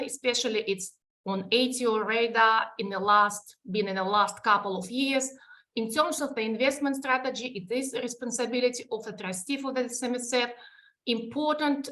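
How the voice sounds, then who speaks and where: A woman's voice: a little high, fairly bright tone. A woman with a Russian accent, a native Russian speaker, presenting a live webinar and explaining step by step with frequent restarts and fillers.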